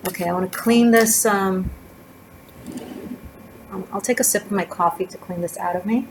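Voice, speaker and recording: A woman's voice: mid-range voice, normal speed. A woman giving a casual, rambling tarot reading, drifting from topic to topic. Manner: chatty, digressive, rambling with fillers. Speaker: tarot reader. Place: indoors by a street. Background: faint sirens and motorcycle noise from outside.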